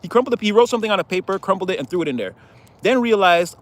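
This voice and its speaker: A man's voice: high voice, expressive, rapid-fire. A man giving a casual tarot reading in a chatty, rambling way, laughing often. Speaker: tarot reader.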